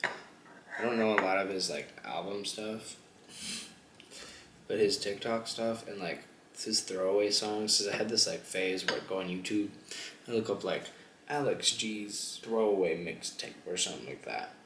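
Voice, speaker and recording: Giggly rambling young man, low voice. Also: moderate pace, fairly bright tone. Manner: rambling, giggly, lots of fillers and laughs. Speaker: mukbang vlogger. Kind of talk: casual chat while eating on camera. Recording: echoey room with faint ambient noise.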